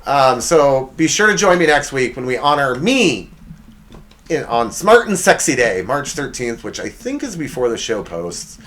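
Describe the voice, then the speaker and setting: A man in his forties hosting a comedy podcast, roasting things with loud mock outrage and dropping into quiet sincerity, a bit out of breath. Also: medium pitch, sing-song, unhurried. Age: 40s. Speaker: podcast host.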